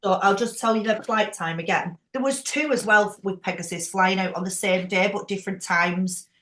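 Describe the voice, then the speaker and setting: A chatty, frank woman runs a group call at an everyday mid pitch. Her voice carries a roomy echo, as if the room around her is bare. She talks in a casual, quick-laughing way. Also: sharp tone. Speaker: team leader hosting a group call. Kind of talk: casual chat.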